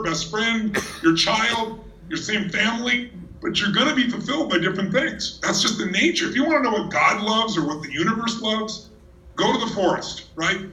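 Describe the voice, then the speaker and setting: A man speaks from the stage in a large hall, his voice ringing with reverb and heard from some distance. His delivery is energetic and emphatic, the manner of a motivational speaker holding a crowd. The tone is bright and forceful, set fairly high. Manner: energetic storyteller, teasing and emphatic. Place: large hall with a live audience. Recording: echoey hall from far off.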